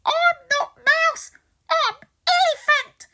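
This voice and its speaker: Woman voicing an elephant, squeaky, very high, loud, storybook. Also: slow pace, exaggerated voice. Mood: excited. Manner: squeaky, crying-out.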